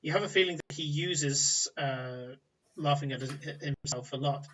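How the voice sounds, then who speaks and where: A man narrating a tabletop game as game master, rambling with many pauses and fillers. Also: on the high side, a bit bright, recorded from a distance, slight background noise, low-quality recording. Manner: rambling, hesitant, filler-heavy.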